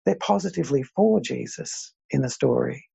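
A man's voice: mid-range voice, lively intonation, normal speed, vocal fry, warm tone, breathy edge. A man preaching a sermon, earnest, with frequent fillers and repeated phrases. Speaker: pastor.

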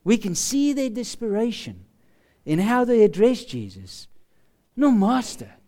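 Slow, high-voiced male preacher. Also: huge pitch swings. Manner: slow, emphatic preaching with dramatic drops to a hush. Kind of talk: sermon.

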